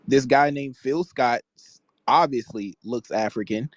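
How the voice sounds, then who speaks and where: Caller, male, mid-pitched, argumentative and matter-of-fact, dry. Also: a little slow, no echo. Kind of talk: call-in debate.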